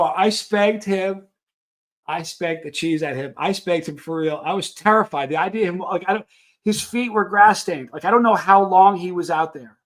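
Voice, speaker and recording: Rambling middle-aged man telling stories. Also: high-pitched. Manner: rambling, animated anecdotes with frequent restarts. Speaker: host of a live Q&A stream. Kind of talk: casual storytelling to a live chat.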